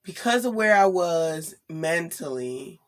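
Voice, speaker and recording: Slow-talking tired young woman vlogger. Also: lowish voice, animated. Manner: rambling, laughs often, asks "you know what I'm saying?". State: tired, late at night. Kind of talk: casual spiritual vlog.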